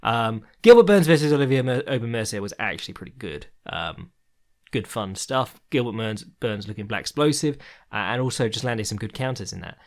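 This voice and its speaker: A man's voice: on the low side, expressive, fairly quick. A man chats loosely through his podcast commentary, full of ums and restarts. He swears freely and laughs now and then as he rambles on. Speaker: podcast host.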